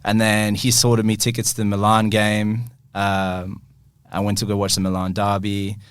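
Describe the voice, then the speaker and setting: A man's voice: on the low side, completely flat delivery, moderate pace, clean tone, no room sound, studio quality. A young man, a football kit store owner, telling a long story in casual chat, laughing and acting out his own reactions.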